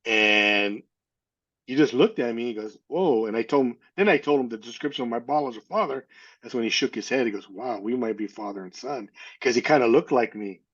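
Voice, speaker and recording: A man's voice: medium pitch, a little fast, a bit bright, husky. Older man, sixties, from california, casual storytelling, rambling, muffled lo-fi sound. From California, USA. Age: 60s. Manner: rambling retelling, acts out quoted dialogue. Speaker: interview guest.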